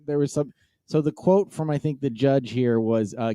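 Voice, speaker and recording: Halting man riffing on a comedy podcast. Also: mid-range voice, mellow, no echo, studio quality. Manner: hesitant, many ums and uhs. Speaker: podcast co-host. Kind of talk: casual comedy banter.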